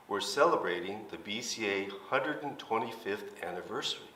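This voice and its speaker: A seventy-year-old man, a minister, explaining things gently and patiently in a light comedic skit. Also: lowish voice, expressive, normal speed, slight background noise. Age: 70s. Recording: roomy hall, mic at a distance.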